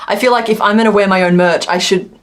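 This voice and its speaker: A woman's voice: medium pitch, steady tone, fast. Chatty woman streamer. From Australia. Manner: chatty, rambling, laughs often. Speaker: crochet streamer. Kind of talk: casual livestream chat.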